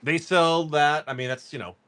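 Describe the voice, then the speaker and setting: A man's voice: a little high, moderate pace, fairly bright tone, clear, resonant tone, dry recording. A man chatting casually on a live stream, joking with viewers while he reads off cards. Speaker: card-break livestream seller.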